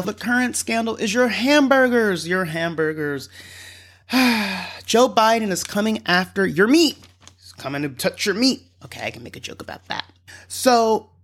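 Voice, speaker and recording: A woman hosting a solo political podcast, sarcastic and given to loud mocking bursts. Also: deep voice. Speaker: podcast host.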